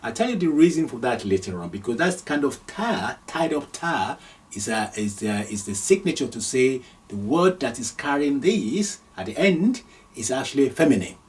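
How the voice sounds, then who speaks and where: A man's voice: mid-range voice, big pitch swings, moderate pace, recorded from a distance. A man from Nigeria teaching Arabic letters step by step, patiently repeating each sound and chuckling now and then. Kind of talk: slow step-by-step lesson.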